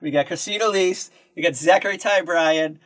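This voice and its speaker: Joking, foul-mouthed man with a fairly high voice. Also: fairly quick, fairly bright tone. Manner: rambling, profane, joking. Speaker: podcast co-host. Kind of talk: casual chat.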